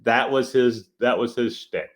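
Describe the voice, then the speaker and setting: A man's voice: mid-range voice, a little slow. A man, a street magician, telling a story in a casual interview, acting out the other people's lines as he goes. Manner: animated storyteller acting out dialogue.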